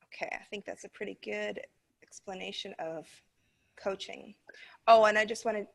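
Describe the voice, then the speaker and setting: A woman's voice: medium pitch, steady tone, moderate pace, creaky. An American woman training teachers, explaining casually with fillers as she walks through a class recording. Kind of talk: casual training talk over a video.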